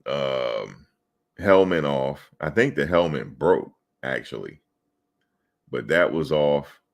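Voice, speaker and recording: Very deep-voiced man telling football stories. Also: expressive, slow, gravelly. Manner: loose, profane storytelling with laughter. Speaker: podcast co-host. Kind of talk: casual sports chat.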